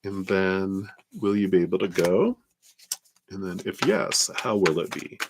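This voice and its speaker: A man reading tarot cards on a live stream, talking in a gentle, reflective way and laughing often. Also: sits low, lively intonation, unhurried, noisy background. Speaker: tarot reader.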